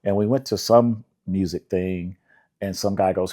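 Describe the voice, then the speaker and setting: An older man from Indianapolis, a songwriter being interviewed, telling relaxed stories with laughter and acting out the voices of people he quotes. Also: deep voice, unhurried. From Indianapolis, USA. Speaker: songwriter guest.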